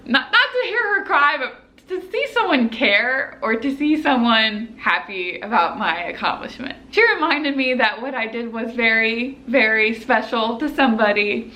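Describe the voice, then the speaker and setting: A medical student in her twenties tells a personal story to camera, animated and chatty, with "like" fillers throughout. Her voice is on the high side and a little slow.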